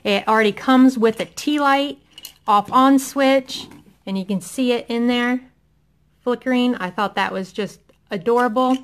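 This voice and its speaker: A middle-aged woman from Indiana, USA, chats enthusiastically at home as she goes through a product haul, with many ums. Her voice is on the high side and a little slow.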